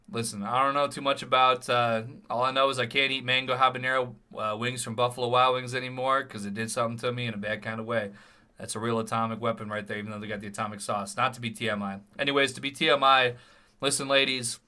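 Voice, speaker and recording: A man's voice: mid-range voice, pushed and bright, clear, resonant tone. A male streamer giving rambling live-stream commentary full of crude jokes.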